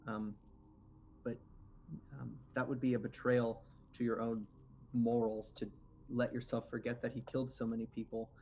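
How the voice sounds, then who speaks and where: A man acting as game master for a tabletop game, chatty and relaxed with many fillers. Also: mid-range voice, moderate pace, a little hiss or hum. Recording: slightly dull lo-fi audio.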